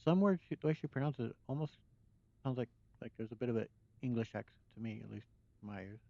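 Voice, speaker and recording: A man's voice: mid-range voice, lively intonation, quick pace, creaky, dry recording. An American man giving casual game commentary, rambling and hesitant as he talks over gameplay. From United States. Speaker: let's play commentator. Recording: dull lo-fi mic over game music.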